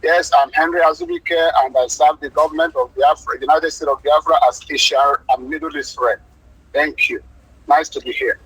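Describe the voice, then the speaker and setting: A man's voice: on the high side, fairly even intonation, normal speed, fairly bright tone, slightly rough, dry recording, rough recording. A man formally greeting a meeting and introducing himself as a representative. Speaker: regional representative.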